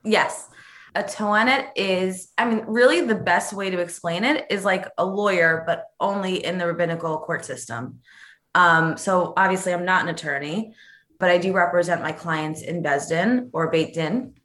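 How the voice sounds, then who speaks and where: A woman guest in an interview, telling stories in a chatty, animated way. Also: lowish voice, normal speed. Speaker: interview guest, rabbinical court advocate. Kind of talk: casual interview chat and anecdotes. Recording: roomy echo.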